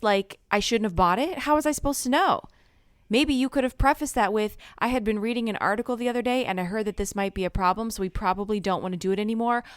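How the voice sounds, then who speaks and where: Woman co-host, casual storyteller, smooth voice, dry sound. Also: medium pitch, dry recording. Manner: storytelling with frequent laughter, retelling arguments. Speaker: podcast co-host. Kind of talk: casual chat.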